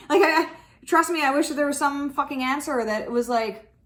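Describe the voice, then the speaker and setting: A woman's voice: high-pitched, moderate pace. A woman who hosts a tarot channel, talking casually and frankly to her viewers about spirituality, swearing freely and acting out the voices in her own head. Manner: frank, swearing, animated, acts out inner voices. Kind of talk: casual spiritual talk to camera.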